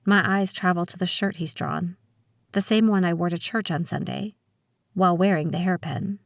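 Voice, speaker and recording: A woman narrating a novel in the first person, reading in a steady, measured way. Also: fairly low pitch, no room sound, studio quality. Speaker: audiobook narrator.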